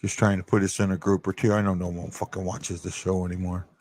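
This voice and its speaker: A man's voice: low-pitched, little pitch movement, quick pace, darkish tone. A man hosting a live stream, talking casually and bluntly, rambling with many restarts and the odd swear word. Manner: blunt and opinionated.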